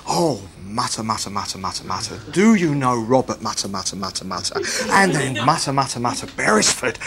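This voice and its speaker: A man's voice: very animated, a little fast, crowd noise. A man with a British accent imitating a gossip who mutters complaints on the phone. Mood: muttering. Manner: low furtive muttering.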